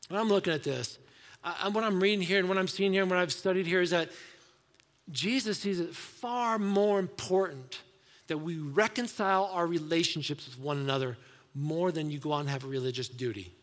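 Man, pastor, conversational sermon, soft asides, somewhat high voice, echoing sanctuary. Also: fairly quick. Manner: conversational preaching, acts out quoted voices, drops to soft asides.

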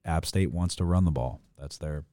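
A man's voice: extremely low pitch, normal speed, warm tone, no echo, clean studio sound. A man co-hosting a casual sports betting chat, blunt and profane, rambling through his picks with lots of fillers.

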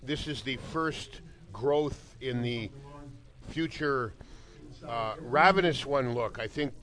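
A man's voice: mid-range voice, slow pace, a bit bright. A man co-hosting a wrestling talk show, chatting casually and telling rambling, playful stories. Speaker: wrestling podcast co-host. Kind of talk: casual chat.

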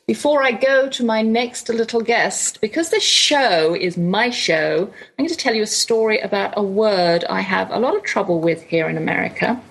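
A middle-aged woman with an English accent, hosting a radio show and telling a chatty, animated story. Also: mid-range voice, creaky, low-quality recording. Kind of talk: casual storytelling monologue.

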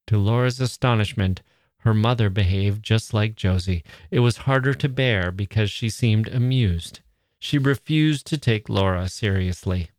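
A man narrating a classic short story in a measured, storytelling way. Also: on the low side, no echo, clean studio sound. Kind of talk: audiobook narration.

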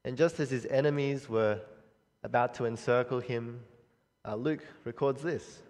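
A man delivers a sermon in an earnest, measured voice, stopping now and then to restart a phrase. His voice has a mid-range pitch. It carries a long reverb tail, as if spoken in a church hall. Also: darkish tone. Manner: earnest, measured preaching with frequent pauses and restarts. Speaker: preacher.

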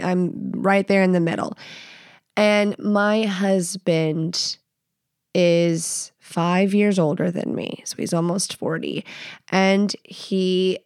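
A woman in her thirties talks through a casual solo podcast episode in a fairly low voice. She is blunt, crude and quick to mock herself. The recording is dry and close, with no room sound. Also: steady tone, darkish tone, clear, resonant tone, no room sound. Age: 30s. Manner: candid, crude and self-mocking, with frequent swearing and "like". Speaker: podcast host.

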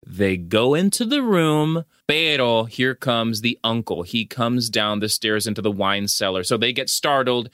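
A man co-hosting a casual podcast, recapping a film with animated storytelling and mock quotes. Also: mid-range voice, a little slow, few pauses, no echo, studio quality. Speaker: podcast co-host. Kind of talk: casual movie recap chat.

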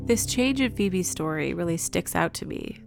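A woman host narrating in a scripted, measured way that asks pointed questions. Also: lowish voice, expressive, creaky, loud music behind the voice.

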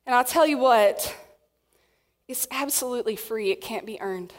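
A woman's voice: fairly high pitch, normal speed. Woman preaching in a reverberant hall. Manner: animated, acts out quotes. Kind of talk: sermon. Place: church hall with audience.

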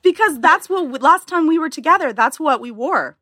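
A woman on a podcast, giggly and animated as she chats. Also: high-pitched, moderate pace, no echo. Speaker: podcast guest. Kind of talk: casual podcast chat.

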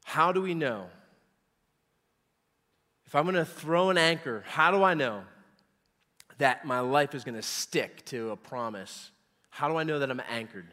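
A man in his forties preaching a sermon, emphatic, repeating words and rising loud on key points. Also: fairly high pitch, lively intonation, unhurried, long pauses, in a large hall. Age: 40s. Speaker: pastor.

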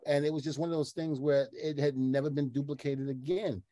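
A middle-aged former wrestler telling stories in a casual chat, animated and laughing often, swearing now and then. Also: male voice, fairly high pitch, a little fast, dry recording. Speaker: former pro wrestler, guest.

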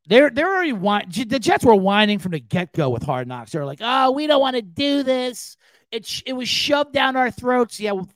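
Man, podcast host; high, lively voice, casual swearing rant. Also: no echo. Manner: animated, profane, ranting.

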